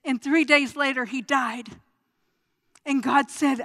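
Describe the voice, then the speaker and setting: A high-pitched woman preaches to a congregation, telling her story with stammering restarts. She drops to a hush, then builds to loud, impassioned cries. Her voice rings with the long reverb of a large church hall. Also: fairly even intonation, slow. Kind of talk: sermon with personal testimony.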